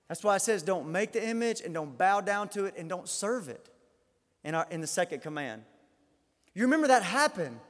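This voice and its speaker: A man preaching a sermon as pastor, impassioned, swinging from loud declarations to quiet asides and often repeating words. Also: sits high. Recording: reverberant hall.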